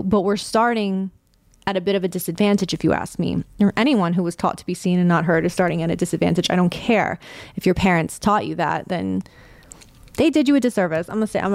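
A young adult woman hosting her own podcast, talking candidly and casually, with a light vocal fry and the odd curse word. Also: mid-range voice, brisk, a little mellow, no room sound, studio quality. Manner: candid, conversational, swears casually. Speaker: podcast host. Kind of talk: personal podcast monologue.

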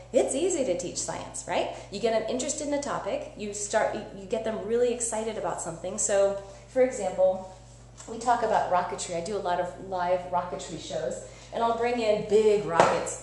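A woman science educator giving a lively live-streamed teaching demo, chatty and upbeat, often checking in with "right?". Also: mid-range voice, brisk. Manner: energetic, chatty, asks listeners "right?". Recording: echoey room with faint hum.

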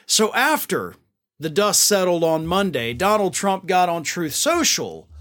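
A man's voice: high-pitched, very animated, unhurried, a bit bright. A man hosting a political commentary show, talking in a sarcastic, exasperated way. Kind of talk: opinionated commentary monologue.

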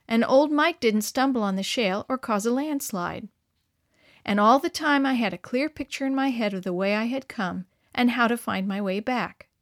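Lady storyteller reading to kids, cheerful and expressive, close dry sound. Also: on the high side, no echo. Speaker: children's storyteller. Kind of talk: reading a story aloud to children.

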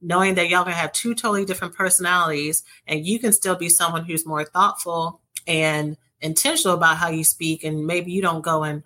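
A woman speaking as a guest expert, explaining relationship patterns in a measured, patient, reassuring way. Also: on the low side, steady tone, bright, forceful tone. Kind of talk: calm explanatory advice in conversation.

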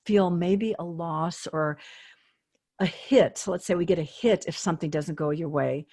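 An older woman, a fitness expert, speaking as a guest in an interview in a lively, earnest, motivational way. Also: on the low side, normal speed, breathy edge. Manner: lively, acts out quoted inner voices. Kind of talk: conversational interview.

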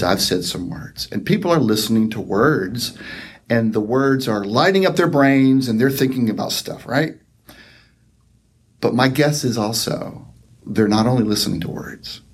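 A middle-aged man, a psychotherapist, talking in a slow, reflective way and checking in often with "right?". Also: lowish voice, breathy edge. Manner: slow, reflective, warm storytelling with frequent "right?" and "um". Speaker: psychotherapist guest. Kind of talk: conversational podcast interview.

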